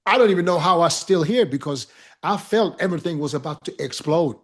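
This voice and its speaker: Man, slightly high voice, rambling profane anecdote teller for a casual chat show. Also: a little fast. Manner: animated, profane storyteller with laughs.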